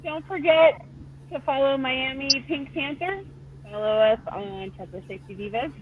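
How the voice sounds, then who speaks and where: A woman's voice: sits high, moderate pace, narrow, tinny audio, background noise. A woman co-hosting a casual livestream talk show, playful and teasing. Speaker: co-host.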